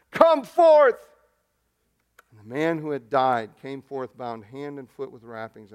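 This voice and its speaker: A male pastor preaching a sermon, moving between loud emphatic declarations and soft, near-whispered passages as he retells a scripture story. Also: medium pitch, clear, resonant tone.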